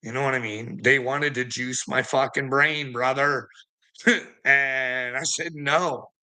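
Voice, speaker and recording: A man's voice: mid-range voice, fairly even intonation, slow pace, pushed and bright. A man telling a rambling story to a friend in casual chat, swearing a lot and laughing often mid-sentence. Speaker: vlogger.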